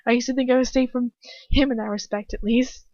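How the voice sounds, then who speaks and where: A woman's voice: a little high, fairly even intonation, a little fast, a little mellow, dry recording. Young woman reading fanfiction aloud. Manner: breaks off to comment and joke about the text. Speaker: fanfiction reader. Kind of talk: first-person story reading with asides. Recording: dry, dull home recording.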